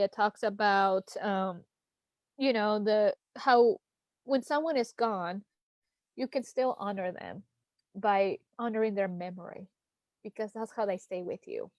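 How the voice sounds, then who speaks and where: A woman's voice: mid-range voice, darkish tone. A woman hosting a casual livestream town hall as a political candidate, talking from home in a chatty, heartfelt way with lots of fillers. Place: at home, streaming live.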